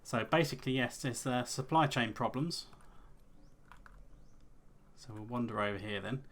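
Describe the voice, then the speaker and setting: A man's voice: mid-range voice, moderate pace, fairly bright tone, a little hiss or hum. Male let's play host, casual rambling commentary with wry asides. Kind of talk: gameplay commentary.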